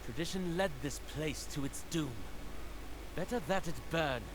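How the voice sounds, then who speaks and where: A man's voice: on the high side, moderate pace, natural voice. An actor playing a contemptuous, fanatical male prisoner in a video game. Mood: defiant. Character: defiant male zealot prisoner, cold. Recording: game audio with ambient noise.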